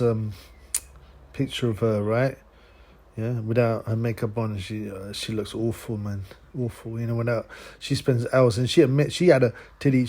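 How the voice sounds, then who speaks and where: A man's voice: mid-range voice, mellow. A man hosting his own channel, delivering a crude, scornful ranting monologue and tagging his sentences with "man" and "yeah?". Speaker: channel host.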